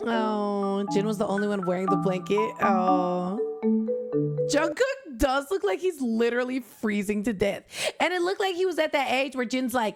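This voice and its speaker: A woman with a fairly high voice chats through a reaction video. She gushes and gets carried away with excitement. Faint music plays beneath her. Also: normal speed. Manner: gushing, excitable. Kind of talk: casual reaction commentary.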